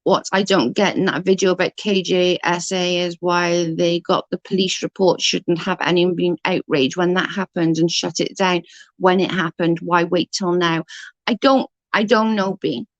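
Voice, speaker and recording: A woman's voice: lowish voice, fairly even intonation, normal speed, dry recording, lo-fi sound. Outraged woman ranting on stream. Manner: outraged, emphatic, reads and answers chat. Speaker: live-stream commentator. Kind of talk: ranting live-stream commentary.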